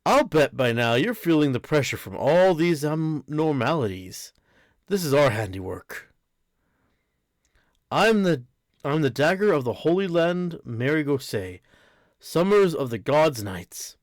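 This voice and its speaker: A man's voice: on the high side, big pitch swings, measured pace, dry recording, clean studio sound. A man voicing an arrogant male holy knight who taunts his listeners with a threat over a broadcast. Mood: threatening.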